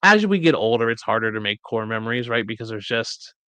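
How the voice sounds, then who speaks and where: A man hosting a podcast in a casual chat, telling stories in an animated way and acting out quotes. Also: lowish voice, fairly quick, clear, resonant tone, no echo. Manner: animated storyteller, acts out quotes. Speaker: podcast host.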